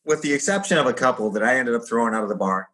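A middle-aged former pro fighter appears as a guest, talking very fast in a medium-pitched voice. He tells stories casually and animatedly, acting out the voices of the people in them.

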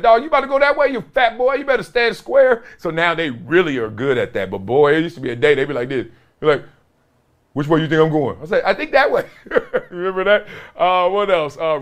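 A man hosting a show, telling football stories in a casual, animated way, laughing often and acting out other people's lines in a raised voice. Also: fairly high pitch. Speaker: former NFL player and podcast host. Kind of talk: casual storytelling chat.

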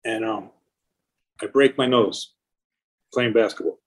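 A man's voice: fairly low pitch, slow pace, rough recording. A middle-aged man, a record label founder, telling long profane anecdotes in a casual interview.

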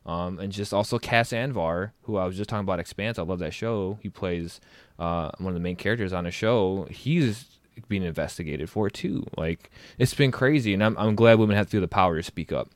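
A man's voice: sits low, a little fast, dry recording. A man co-hosting a livestream, talking in an earnest, rambling way and often restarting his thoughts. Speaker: stream co-host. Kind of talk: casual chat on a livestream.

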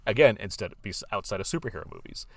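A man's voice: fairly low pitch, lively intonation, fast talker, no room sound. A man co-hosting a podcast, chatting casually about a film and thinking aloud at length with strong opinions. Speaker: podcast co-host. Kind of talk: casual film review chat.

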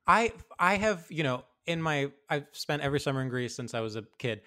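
Animated man hosting a comedy podcast. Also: a little high. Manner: animated, rambling, quick to laugh. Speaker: podcast host. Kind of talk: casual comedy podcast chat.

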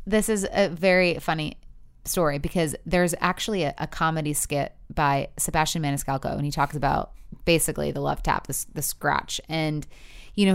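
A woman in her thirties co-hosting a podcast in casual chat, talking fast with many fillers and acting out her own thoughts. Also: low voice, smooth. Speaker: podcast co-host.

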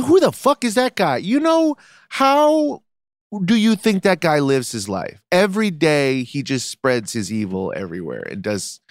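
A man's voice: mid-range voice, no echo. Man, podcast co-host, blunt, swears a lot, dry close sound. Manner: blunt and profane, worked up. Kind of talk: casual chat.

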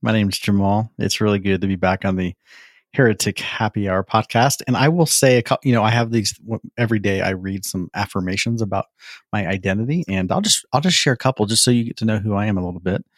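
A man co-hosts a podcast in casual chat, sounding earnest and now and then tripping over his words. His voice is low, and the recording is dry and close, with no room sound. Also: fast talker, dry recording. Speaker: podcast co-host.

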